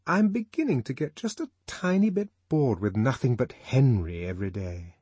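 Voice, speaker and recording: A man's voice: medium pitch, expressive, normal speed, warm tone, breathy edge, no room sound, pitched above the performer's own voice. A man voicing a breezy young woman. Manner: light, breezy and teasing.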